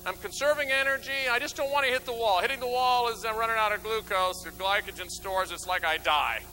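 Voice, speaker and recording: A man giving an energetic motivational talk from a stage, acting out little scenes and swinging from loud bursts to low mutters. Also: fairly quick, a little hiss or hum, rough recording. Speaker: motivational speaker. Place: stage before an audience.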